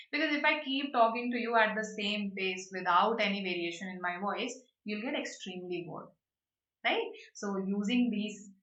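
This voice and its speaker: A woman teaching vocabulary in a live online class, lively and explanatory, often checking in with "right?" and "okay". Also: a little high, reverberant, far from the mic, highs cut off. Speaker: online exam-prep teacher.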